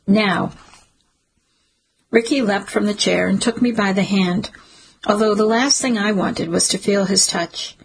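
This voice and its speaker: Woman reading a dark audiobook, slow and grave, husky raspy voice with a gravelly edge. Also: medium pitch, low-quality recording. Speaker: audiobook narrator. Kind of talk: first-person dramatic narration.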